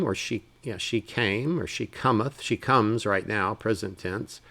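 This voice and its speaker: A man teaching a casual Bible Hebrew lesson, reading verses slowly and then explaining them in relaxed asides. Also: fairly low pitch, vocal fry.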